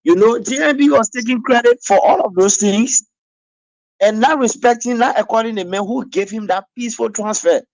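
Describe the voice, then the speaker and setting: A man calling in to a radio show over WhatsApp, speaking with hesitant pauses and fillers. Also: sits high, no room sound, rough recording. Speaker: caller. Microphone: WhatsApp call.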